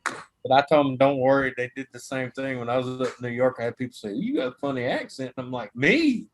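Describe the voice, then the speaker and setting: A man's voice: medium pitch, level tone, fast. Rambling, laughing man telling stories. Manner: rambling storyteller, laughs often. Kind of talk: casual chat on a live stream.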